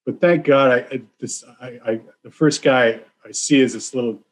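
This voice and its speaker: A man's voice: medium pitch, moderate pace. A man on a podcast telling a fight story in a rambling, self-mocking way, acting out what people said. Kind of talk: casual storytelling chat.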